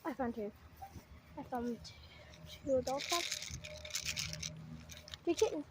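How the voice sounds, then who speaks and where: Excitable high-voiced woman vlogging outdoors. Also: slow pace. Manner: excited, chatty, coaxing animals in a sing-song voice. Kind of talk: casual vlog narration. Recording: noisy outdoor phone recording.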